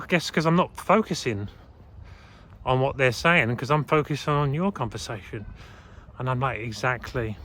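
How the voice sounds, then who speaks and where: A man's voice: on the high side, pushed and bright, low-quality recording. A man vlogging casually to camera, telling his own story in a rambling way with many fillers.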